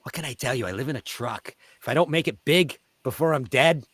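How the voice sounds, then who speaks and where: A man from Canada, a street performer, telling lively stories in an interview and shouting out the crowd's lines. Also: mid-range voice, a little fast, slightly rough, no echo. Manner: animated, shouting out the voices of crowd members. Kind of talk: storytelling in a casual interview.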